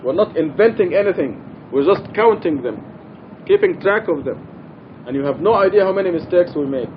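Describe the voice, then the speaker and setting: A man leads a study class in a mosque with an earnest, emphatic delivery, driving his main points home through repetition. His voice sits a little high for a man. The recording sounds dull and lo-fi, with a faint rumble underneath. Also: expressive, brisk. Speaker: Quran study teacher. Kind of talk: religious study lecture.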